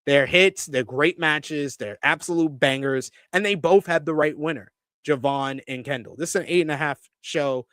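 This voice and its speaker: A man hosting a live-stream wrestling review, reading viewer comments and ranting loudly at times. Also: a little high, normal speed, no echo. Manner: animated, swears when ranting.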